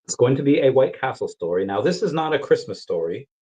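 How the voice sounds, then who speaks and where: A man's voice: mid-range voice, sing-song, fast talker, a little mellow, poor audio. A man hosting a casual vlog, telling a rambling, crude story with goofy asides. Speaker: vlogger.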